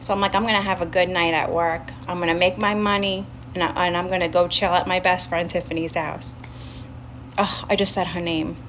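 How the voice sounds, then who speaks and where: A woman's voice: lowish voice, a little fast, a little hiss or hum. Chatty Staten Island woman telling a story. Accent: Staten Island New York. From Staten Island, New York. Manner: chatty, animated, swears freely, breaks off to greet chat. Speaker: livestream host. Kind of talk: casual livestream storytelling.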